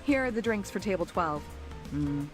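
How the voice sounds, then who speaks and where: A man's voice: high-pitched, expressive, moderate pace, over music, pitched above the performer's own voice. A man voicing a friendly, sarcastic young female bartender in a visual novel read-through. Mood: teasing. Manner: teasing, sarcastic. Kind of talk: reading a visual novel aloud.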